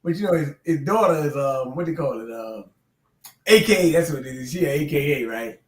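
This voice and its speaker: A middle-aged man telling a long, profane, animated story in a casual chat and laughing as he goes. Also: a little high, brisk, roomy sound. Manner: animated, profane, laughs through his stories. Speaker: podcast co-host.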